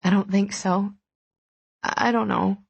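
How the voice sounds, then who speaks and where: A woman voicing a shaken, tearful young heroine in an audiobook, speaking in halting, unsteady bits. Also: medium pitch, fairly even intonation, gravelly, highs cut off. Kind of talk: audiobook dialogue.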